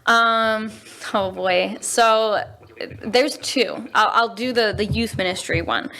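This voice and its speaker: A woman's voice: takes it slowly, vocal fry. A woman in her twenties, a youth pastor and teacher, telling stories in a casual interview and acting out quotes with big jumps in her voice. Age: 20s. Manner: animated, acts out quotes with big pitch jumps.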